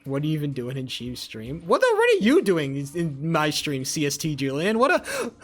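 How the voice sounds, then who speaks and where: His fairly high voice swoops wildly in pitch at a normal speed, with soft music playing in the background. Chatting casually with viewers on his live stream, the young man rambles, swears, and jokes while reading chat.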